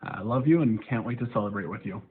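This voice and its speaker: Proud son, deep voice on phone audio. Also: male voice, animated, fast talker. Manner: proud, loving, upbeat. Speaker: the teacher's son. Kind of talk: recorded video tribute. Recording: tinny phone-like recording.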